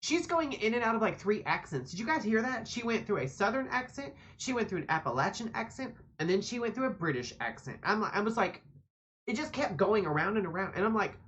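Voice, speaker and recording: A woman's voice: mid-range voice, sing-song, fairly quick, a bit bright. A woman streamer giving casual gameplay commentary, rambling and sassy, swearing often.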